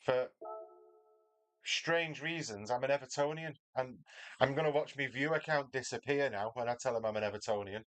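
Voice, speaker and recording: A man's voice: medium pitch, moderate pace, a bit bright. Chatty Mancunian man streaming from his garage. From Northern England. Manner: chatty, self-deprecating, reads out chat. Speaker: livestreamer. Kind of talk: casual chat while racing. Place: home garage.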